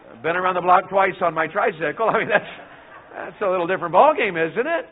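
Folksy Southern preacher, high and thin. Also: male voice, lively intonation, fast talker. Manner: folksy, calls to the congregation, preaches in bursts. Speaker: revival preacher. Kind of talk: revival sermon. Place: church sanctuary. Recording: phone-like narrow band.

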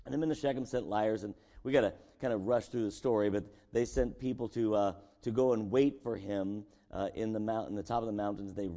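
Pastor guy preaching, chatty, keeps asking the room questions, mid pitch, long echo like a big church. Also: dark tone. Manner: conversational, asks the congregation rhetorical questions. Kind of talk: sermon. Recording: long echo of a large hall.

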